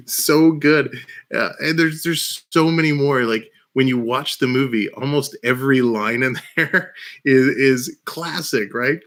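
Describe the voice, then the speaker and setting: A man with a bright, clear-edged voice hosts a relaxed live stream, chatting with a rambling, excited flow and frequent laughter. He talks into a headset mic from a small room at home. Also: medium pitch, slow pace, long pauses. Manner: laughs often, rambling and enthusiastic. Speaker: livestream host. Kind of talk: casual live-stream chat.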